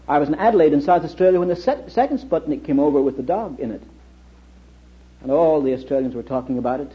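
Middle-aged man lecturing on a dull old recording. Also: fairly high pitch. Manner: storytelling with rhetorical questions. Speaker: lecturer and historian. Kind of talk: public lecture to an audience.

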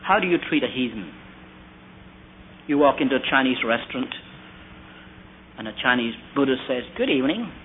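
A man's voice: mid-range voice, lively intonation, moderate pace, pauses often, slight background noise. A man preaching a sermon, telling stories and asking rhetorical questions. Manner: storytelling with quoted asides and rhetorical questions. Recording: tinny phone-like old recording.

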